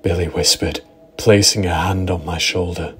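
Deep-voiced man narrating horror. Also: normal speed, a little hiss or hum. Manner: steady, dramatic storytelling. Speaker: narrator and writer.

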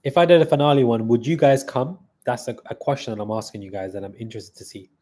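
Man, live-stream host, casual chatty talk, reads and answers viewer comments, mellow warm tone. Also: mid-range voice, fast talker. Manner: chatty, thanks viewers and answers chat on the fly.

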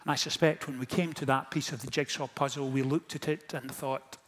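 A man, a pastor, preaching a sermon in a storytelling manner that moves from hushed lines to impassioned ones. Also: mid-range voice, steady tone, fairly quick, hardly any pauses, husky.

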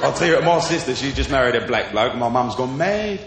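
A man's voice: medium pitch, expressive, fast, heavy background noise. A man doing stand-up comedy at a live venue, chatty and playful as he tells stories. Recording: echoey hall with crowd.

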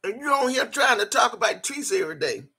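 A woman's voice: on the high side, expressive, fast, pushed and bright, slightly rough. A woman hosting a live stream, answering her chat and scolding a critic in a profane, mocking rant. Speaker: livestream host.

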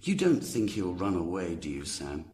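A man's voice: sits low, sing-song, normal speed, dark tone, a little hiss or hum. A man reading a storybook aloud, voicing a frightened, complaining outlaw who pleads anxiously.

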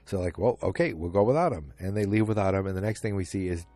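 A man's voice: low-pitched, quick pace, warm tone, dry recording, soft background music. A man hosting a solo podcast, casually retelling a TV episode scene by scene with quoted lines and plenty of ums. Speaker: podcast host recapping a TV episode.

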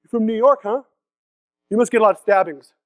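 Speaking briskly in a high-sitting voice with no echo, a young Seattle-area man gives a funny keynote from a conference stage. He banters with the audience and slips into goofy character voices.

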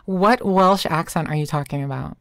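Excitable rambling woman hosting a stream. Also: deep voice, normal speed, no echo, clean studio sound. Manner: excitable, rambling, stumbles over words, laughs often. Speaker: host of a live reading stream. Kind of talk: casual group chat on a live stream. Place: online voice chat.

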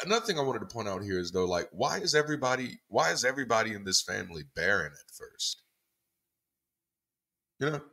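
A man with a lowish, bright and forceful voice talks through a Bible study in an easy, conversational way. He restarts often by repeating words, and his delivery is animated and irreverent. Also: fairly quick. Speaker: former pastor leading a Bible study. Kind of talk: casual spoken commentary on scripture readings.

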